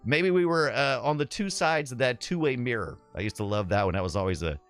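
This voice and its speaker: A man's voice: medium pitch, animated, fairly quick, faint music behind. A middle-aged man from the southeastern US streaming a game live, rambling nostalgically and reading his viewers' chat aloud.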